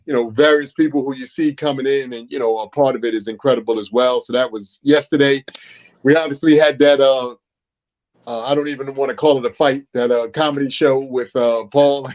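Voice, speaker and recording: A man co-hosting a casual radio talk show, animated and storytelling. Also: mid-range voice. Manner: animated, storytelling, quotes film lines loudly. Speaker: radio co-host. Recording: dull lo-fi radio audio.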